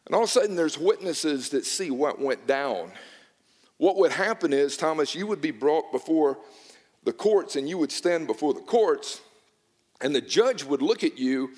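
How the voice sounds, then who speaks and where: A man preaching with dramatic, impassioned delivery, often repeating his words as he builds. His voice sits high for a man. The sound carries a long reverb from a large hall. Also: animated, moderate pace, a little mellow. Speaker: pastor. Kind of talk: sermon. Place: church hall.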